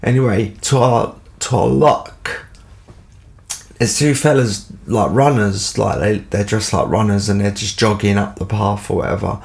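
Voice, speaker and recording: A man's voice: on the low side, a little slow, vocal fry. A man with a London accent telling a casual anecdote, rambling and full of fillers. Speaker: storyteller.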